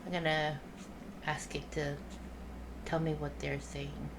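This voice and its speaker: A woman's voice: low-pitched, little pitch movement, slow pace, background noise. A woman playing a tabletop game, talking in an easygoing way and thinking aloud. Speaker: player. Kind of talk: casual tabletop play.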